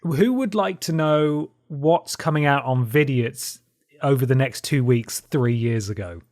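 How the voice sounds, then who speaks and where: A man's voice: mid-range voice, a little slow, darkish tone. A young man co-hosting a casual podcast, making dry remarks and reading out a list of videos. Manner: dry, wry remarks, reads out lists. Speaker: podcast co-host. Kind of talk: casual chat.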